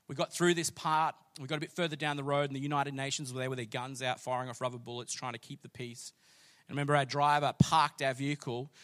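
A man, preaching a sermon and telling a story with rising passion. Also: mid-range voice. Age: late 30s. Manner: storytelling, builds to loud passionate declaring. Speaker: pastor.

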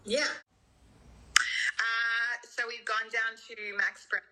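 A woman's voice: on the high side, flat delivery, takes it slowly, sharp tone. A woman on a video call, recounting a memory in a friendly way. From Australia.

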